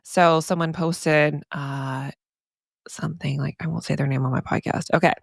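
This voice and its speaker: Woman therapist rambling on her podcast, low voice, dry close sound, lots of y'all. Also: fairly even intonation, normal speed, gravelly, no echo. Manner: chatty and emphatic, often says "y'all"; frequent laughs and asides. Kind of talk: casual podcast monologue.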